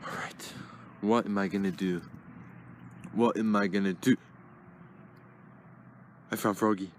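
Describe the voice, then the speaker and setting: A man's voice: on the low side, steady tone, a little slow, slight background noise, pitched below the performer's own voice, natural voice. A man voicing Ted, a dim-witted, mischievous teddy bear in a plush toy comedy, talking in a frantic, stammering dither.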